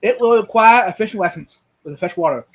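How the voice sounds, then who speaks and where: A man hosting a casual live stream, talking in halting starts and repeating words as he reads viewer comments. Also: high-pitched, expressive.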